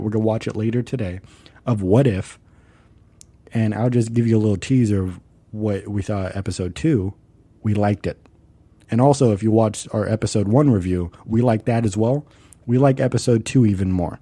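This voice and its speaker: Dark-voiced, swearing podcast host. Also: male voice, on the low side, no room sound. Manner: profane, rambling, enthusiastic. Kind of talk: casual solo podcast monologue.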